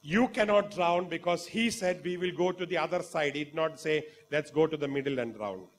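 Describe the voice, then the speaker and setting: A man with an Indian English accent preaching a sermon, fervent and dramatic, swinging from quiet talk to loud exclamations. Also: on the high side, normal speed. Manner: acts out quoted voices in the story.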